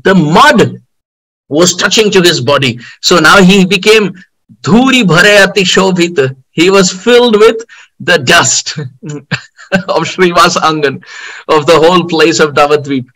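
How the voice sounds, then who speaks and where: Guy giving a sermon, pretty high pitched, laughs a lot and gets worked up telling the story. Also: unhurried, rough recording. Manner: animated, with outbursts and frequent laughter. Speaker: spiritual teacher.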